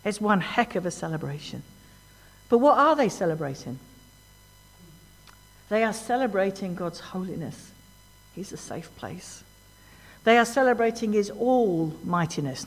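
A woman preaching a sermon in a church, animated and emphatic, often asking the congregation questions. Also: mid-range voice. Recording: long hall reverb.

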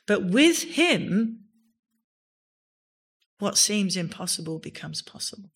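A woman pastor preaching in church, with a voice of middling pitch. She leans hard on key words and often builds to exclamations. The delivery is a full, emphatic sermon. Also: lively intonation, unhurried, gravelly, long pauses, husky.

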